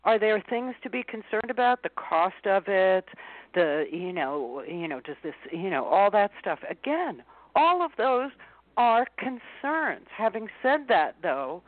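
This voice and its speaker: A woman speaking as a guest coach in an interview, animated, acting out a panicked inner voice with big pitch jumps. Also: measured pace. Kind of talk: interview conversation. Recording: tinny phone-line sound.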